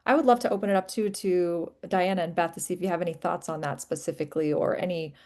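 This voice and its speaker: A woman's voice: lowish voice, steady tone, fast talker, mellow. A woman moderating a webinar panel, reading out audience questions and affirming each answer encouragingly.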